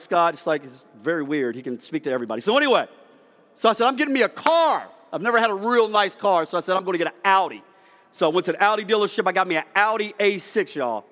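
A man, preaching a sermon in a church and acting out the dialogue of his story. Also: fairly high pitch. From United States. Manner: storytelling, animated, acts out dialogue. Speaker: pastor. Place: church sanctuary. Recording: long hall reverb.

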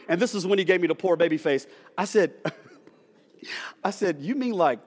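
A man's voice: high-pitched, normal speed, long pauses. A man, preaching a sermon in a church and acting out the dialogue of his story. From United States. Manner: storytelling, animated, acts out dialogue. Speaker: pastor. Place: church sanctuary. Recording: long hall reverb.

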